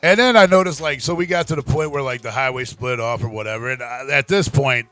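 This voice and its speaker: A man's voice: mid-range voice, fairly quick, pushed and bright, no room sound, soft background music. A man hosting a live talk show, telling a profane story in casual chat and laughing often. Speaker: podcast host.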